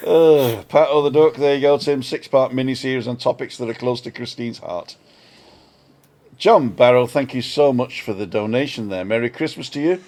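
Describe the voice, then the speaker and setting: Older man, chatty vlog co-host, storytelling with chuckles, mid pitch. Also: moderate pace, darkish tone. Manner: rambling storyteller, chuckling, self-mocking. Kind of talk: casual chat on a live stream. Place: home balcony.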